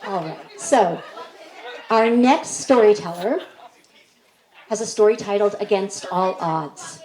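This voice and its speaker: A woman's voice: mid-range voice, takes it slowly, long pauses, a little mellow, some chatter behind. Woman emcee in an echoey hall. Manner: playful, tells kids' jokes with acted voices. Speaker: event emcee. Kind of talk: storytelling event introductions and jokes.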